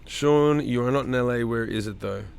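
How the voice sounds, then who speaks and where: A man's voice: medium pitch, normal speed, vocal fry, a little mellow, clear, resonant tone. A middle-aged man hosting a loose livestream from home, chatting with viewers by name and swearing freely. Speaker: streamer hosting a live chat. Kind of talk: casual livestream chat reading viewer comments.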